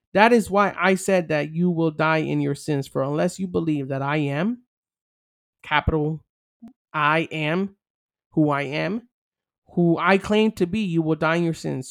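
Animated speaker preaching with slang. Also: mid-range voice, measured pace, dry recording, studio quality. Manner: animated, slangy, reads Bible passages aloud then riffs on them. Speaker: podcast host teaching on scripture. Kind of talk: informal devotional teaching.

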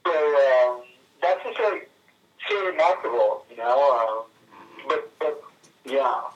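Halting man on a tinny speakerphone. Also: mid-range voice, far from the mic. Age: 30s. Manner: halting, many fillers and restarts. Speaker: friend calling in. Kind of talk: casual phone conversation.

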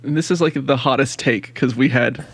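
A man's voice: mid-range voice, normal speed, fairly bright tone, husky. A man co-hosting a casual podcast, talking in a dry, wry way. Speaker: podcast co-host. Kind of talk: casual chat.

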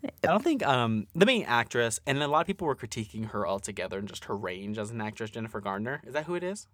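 A man co-hosting a podcast in casual chat, animated and profane, acting out quotes. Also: mid-range voice, fast talker, no room sound, studio quality. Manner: animated, swears a lot, acts out quotes. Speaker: podcast co-host.

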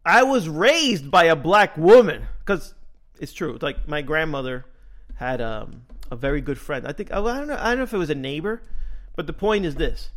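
Man, podcast host, casual storytelling, animated, fairly high voice. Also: a little fast. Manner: animated, laughs often, acts out quoted dialogue.

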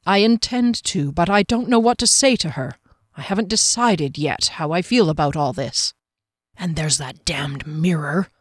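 A woman's voice: lowish voice, moderate pace, no echo, studio quality, close to an everyday voice. Woman reading a weary, curt captain. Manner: tired and curt. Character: weary, short-tempered young male captain.

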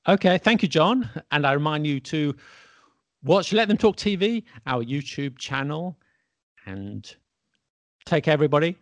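A man from England hosting a relaxed podcast conversation, laughing easily and trailing off at times. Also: on the high side, normal speed, no echo. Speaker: podcast host. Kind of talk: casual conversation.

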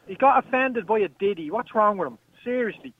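An indignant Irish man rants over a tinny phone line from his car. His voice runs high, and he mocks the other caller as he talks. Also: animated, brisk, breathy edge. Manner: indignant, mocking. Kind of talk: heated talk radio phone-in.

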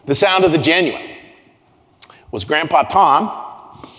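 Soft guitar and a long reverb surround this sermon, delivered by a pastor to the congregation in his church sanctuary. He speaks slowly and expressively in a slightly high voice, earnest, with repeated phrases and frequent restarts.

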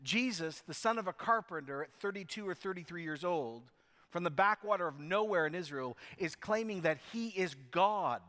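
Male pastor, emphatic storyteller, slightly high voice, long hall reverb. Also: a bit bright. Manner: emphatic, storytelling preacher with restarts. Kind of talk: sermon.

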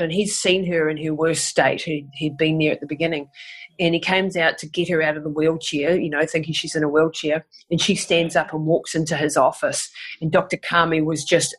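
A woman, a guest telling an emotional personal story in an animated way and often restarting her sentences. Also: deep voice, normal speed, husky. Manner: animated, acts out quotes, frequent restarts.

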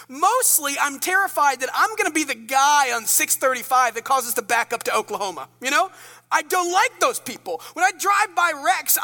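A man preaching a sermon as pastor, telling self-mocking stories with animated asides. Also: very high voice. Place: church sanctuary. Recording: church hall reverb.

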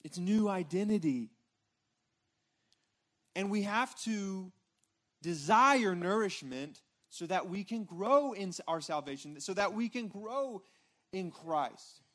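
A man with a notably high-pitched voice preaches in a loose, chatty way, tossing a quick "right?" to his listeners between points. He stumbles and repeats words as he thinks aloud on a church stage. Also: animated, fairly bright tone. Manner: informal, repeats words and restarts, frequent "right?" checks with congregation. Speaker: pastor. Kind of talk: conversational sermon. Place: church stage before a responding congregation.

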